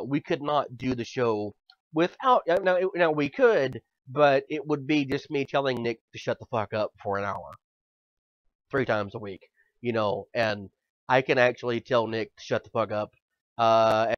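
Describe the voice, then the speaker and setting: On a casual comedy podcast, a co-host in his thirties speaks at a moderate pace in a medium-pitched voice, profane and relaxed. He shifts between pretend bragging and mock despair, captured in dry, dull, lo-fi sound.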